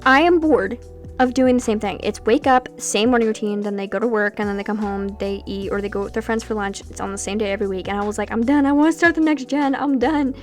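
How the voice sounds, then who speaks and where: A young woman chatting casually over her gameplay, rambling from one thought to the next with animated asides. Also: mid-range voice, fast, faint music behind. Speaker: Sims gameplay creator.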